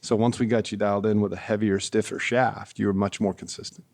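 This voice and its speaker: A man's voice: on the low side, flat delivery, a little fast, creaky, a little mellow. A man, a golf equipment tour rep, guesting on a casual podcast and telling rambling stories with fillers and frequent laughter.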